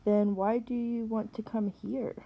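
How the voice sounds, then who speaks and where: A woman's voice: on the high side, level tone, measured pace, creaky, dull audio, slight background noise. A woman reading aloud, voicing a curious little boy who asks blunt questions.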